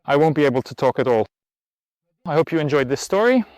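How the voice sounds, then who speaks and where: Male host, a bit high, breathless, casual coach talk, dry sound. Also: animated, fast, a little mellow, no echo, highs cut off. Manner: tired, chatty, encouraging. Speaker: riding instructor and host. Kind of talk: casual outdoor lesson vlog. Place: outdoors at a riding spot in the heat.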